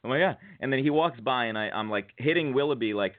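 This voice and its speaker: A male radio host chatting loosely and telling lively anecdotes with a laugh never far off. His voice sits at an ordinary pitch and comes through narrow and tinny, like a phone line. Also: quick pace. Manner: animated storytelling, laughs often. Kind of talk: casual comedic chat.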